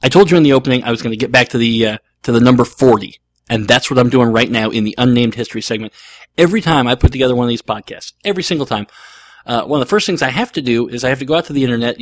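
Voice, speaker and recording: A man's voice: mid-range voice, rapid-fire, slight background noise. A man hosting a podcast, talking casually and rambling animatedly, with frequent fillers and restarts. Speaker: podcast host. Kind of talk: casual solo podcast monologue.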